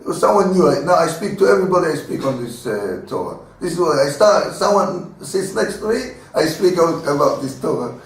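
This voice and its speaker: A man teaching a Torah class in a halting, earnest way, with many fillers and restarts. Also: on the high side, very animated. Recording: echoey room, voice from a distance.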